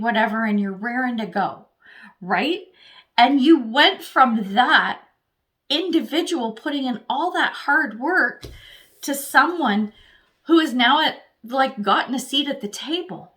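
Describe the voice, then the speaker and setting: A woman reading tarot cards in a loose, chatty way, swearing freely and laughing along. Her voice is bright and sharp, sitting a little high. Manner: blunt, profane, laughing, animated. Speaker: tarot reader.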